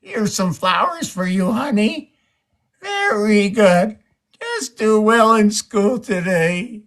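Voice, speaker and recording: A man's voice: high-pitched, lively intonation, slow, a bit bright, voice pushed up, full character voice. A man doing a sweet-talking suitor. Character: man sweetly offering flowers to his sweetheart.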